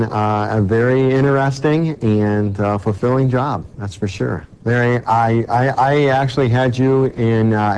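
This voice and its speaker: A man with a lowish voice introduces himself slowly, pausing as he gathers his words. A faint low rumble sits under the recording. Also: darkish tone, low-quality recording. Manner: unhurried, halting with pauses. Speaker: car dealership manager. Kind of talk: self-introduction.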